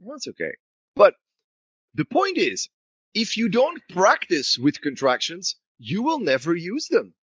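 Animated man teaching grammar. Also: high voice, unhurried, breathy edge, no room sound, lo-fi sound. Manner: animated, asks and answers his own questions; switches into Spanish to explain. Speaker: English teacher. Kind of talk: grammar lesson to learners.

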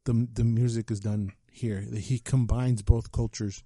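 A man's voice: mid-range voice, steady tone, a little slow, warm tone, no room sound. A man chatting casually about a movie, laid-back and profane, dropping Spanish slang. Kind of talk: casual film chat.

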